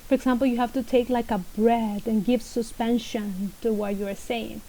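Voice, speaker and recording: A woman's voice: a little high, fairly even intonation, moderate pace, hardly any pauses, mellow, a little hiss or hum, poor audio. A woman teaching reading in English as a non-native speaker whose first language is Spanish, explaining patiently and repeating key points with stress. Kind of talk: recorded lesson explanation.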